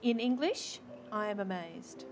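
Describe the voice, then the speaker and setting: A woman's voice: mid-range voice, animated, unhurried, faint music behind. A woman with an Australian accent, a guest telling stories enthusiastically in an interview. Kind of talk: casual interview talk.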